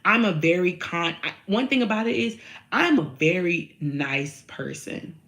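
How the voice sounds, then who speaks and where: A woman with a low, deep-set voice speaks straight to her viewers. She is blunt and profane, slips into slang and repeats her points again and again until they land. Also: expressive, a little slow, fairly bright tone. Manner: addresses viewers directly, slangy. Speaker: vlogger. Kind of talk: candid monologue to camera.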